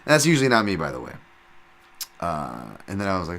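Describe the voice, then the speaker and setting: A man in his thirties hosts a podcast, his voice low-pitched yet forceful and tense. He rambles in a loose, profane way, full of fillers and restarts, and flares up loud when something excites him. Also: brisk. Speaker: podcast host. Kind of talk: casual podcast talk.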